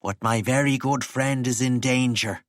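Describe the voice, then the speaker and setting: A man doing a calm, knowing, wry man. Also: mid-range voice, dry recording, studio quality, close to an everyday voice. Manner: measured, wry.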